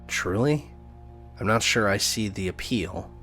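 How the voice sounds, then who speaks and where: A man's voice: lowish voice, expressive, measured pace, bright, forceful tone, soft background music, full character voice. A man voicing a regretful young man with an accent, hesitant and apologetic, in a story game. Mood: puzzled.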